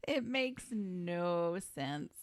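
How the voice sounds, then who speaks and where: A woman's voice: fairly low pitch, expressive, drawn-out words, no room sound, clean studio sound. A woman co-hosting a casual movie podcast, giving wry, amused reactions. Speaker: podcast co-host.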